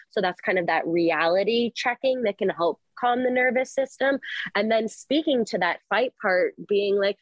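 A woman therapist who is a guest on a podcast, gently explaining psychological ideas and briefly acting out inner voices. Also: mid-range voice, normal speed, no room sound, muffled recording. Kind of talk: explanatory interview talk.

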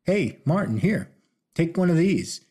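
A man reading an audiobook, voicing a brash, big-smiling grown man in a raised, brighter voice. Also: on the high side, big pitch swings, measured pace, husky, voice pushed up, full character voice. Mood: hearty.

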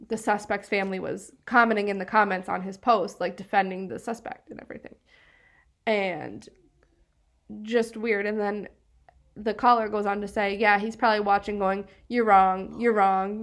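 A woman's voice: medium pitch, gravelly. Chatty woman from northeastern Pennsylvania. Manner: chatty, filler-heavy, laughs often. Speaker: podcast co-host. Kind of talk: casual true-crime podcast chat.

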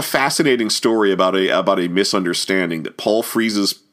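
A man's voice: low-pitched, a little fast, hardly any pauses, fairly bright tone. A man giving a rambling film commentary, with many fillers and restarts. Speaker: commentary host.

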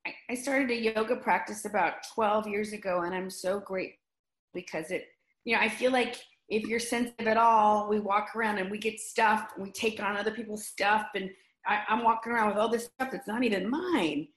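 A middle-aged woman speaks earnestly in a relaxed conversation, telling a personal story with real feeling. She restarts her sentences often as she searches for words. Her voice carries a noticeable roomy echo. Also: mid-range voice, a little fast. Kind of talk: casual conversation.

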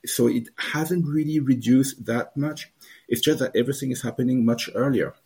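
A man's voice: medium pitch, moderate pace, warm tone, slightly rough. A wine grower answering interview questions at length, with frequent "uh" fillers as he explains. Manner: hesitant, many "uh" fillers, explanatory.

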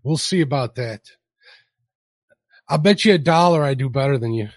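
A man's voice: medium pitch, animated, moderate pace, no room sound, studio quality. A man hosting a casual podcast livestream, who stumbles over his words and restarts while reading out viewer comments. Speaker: podcast host.

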